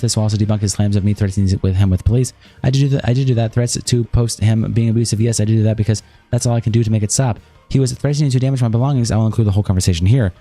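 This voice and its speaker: A man with a lowish, mellow voice reads aloud at a breakneck clip, rattling through messages one after another in a rapid read-through. Faint music plays softly behind him on the stream. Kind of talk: reading a document aloud on a livestream.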